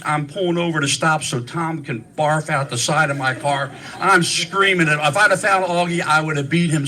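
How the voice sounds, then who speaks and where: Man, somewhat high voice, rambling live roast storyteller who swears and repeats himself. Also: bright, forceful tone, slight background noise, poor audio.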